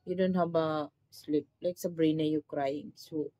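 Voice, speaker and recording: In a simple tropical rural home, a woman from the Philippines talks in a casual vlog, her broken English carrying a Filipino accent and an emotional, plaintive feel as the heat leaves her overheated and worn down. Her low, dark voice has fairly even intonation and a slightly slow pace. The recording is rough, without echo.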